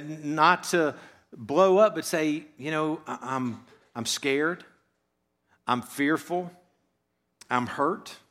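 A pastor preaching a sermon in a church, talking conversationally, often letting his voice fall quiet at the ends of phrases and asking rhetorical questions. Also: on the high side.

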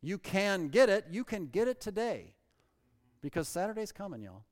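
A pastor preaching a sermon, emphatic and swinging between loud and soft, reading scripture aloud in old-fashioned wording. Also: male voice, high-pitched, very animated, normal speed. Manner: reads scripture aloud in King James wording. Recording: long reverb of a large hall.

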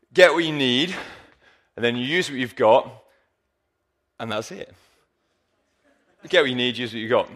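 Bright-voiced preacher, playful. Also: male voice, mid-range voice. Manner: playful, jokey, addresses the congregation directly. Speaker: pastor. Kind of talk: sermon. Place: church hall. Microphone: handheld mic.

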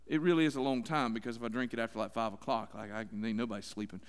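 A man's voice: medium pitch, steady tone, fast talker, clear, resonant tone. A man preaching a sermon in a folksy, conversational way, talking straight to his congregation. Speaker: pastor. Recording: long hall reverb.

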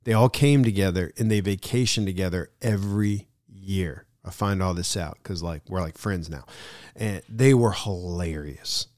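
A middle-aged man hosting his podcast, telling a vacation story in a casual, excited way and calling the listener "dude" a lot. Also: sits low, normal speed, no echo, studio quality. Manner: excited, slangy, keeps saying "dude". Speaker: podcast host.

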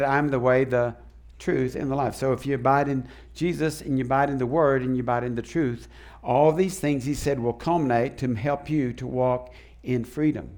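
A man preaching a sermon as pastor, animated and acting out the voices he quotes. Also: medium pitch.

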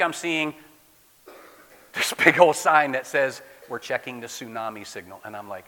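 A man from the Midwest preaching a sermon as a guest pastor, swinging from loud declaiming to soft near-whispers, in a church. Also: mid-range voice, animated, normal speed. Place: church sanctuary. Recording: long hall reverb.

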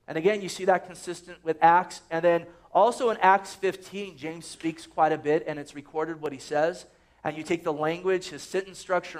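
A man preaching a sermon in a conversational, joking way, often reading out scripture. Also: a little high. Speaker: pastor.

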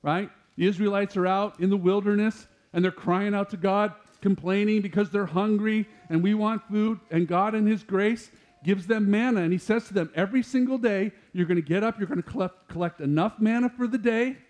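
A man with a high voice preaching a sermon to a congregation. He talks in an animated way and climbs louder and higher whenever he quotes scripture, then drops back down to explain it. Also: fairly quick, few pauses. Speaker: pastor.

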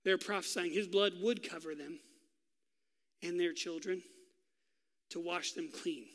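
A male pastor preaching a sermon, telling a story with drama and dropping to a hush for key lines. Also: high voice, a little slow, long reverb tail. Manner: dramatic storytelling, swinging from loud to hushed.

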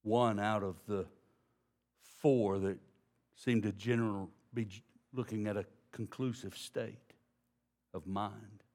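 A man preaching a sermon, folksy and direct with the congregation, swinging from low, quiet passages to loud emphasis. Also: fairly even intonation, slow pace, pauses often. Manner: folksy, addresses congregation as y'all. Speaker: pastor.

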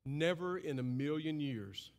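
Male preacher, impassioned sermon, highly animated pitch; church hall with long reverb. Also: a little slow. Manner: impassioned, swings from loud and high to low and hushed.

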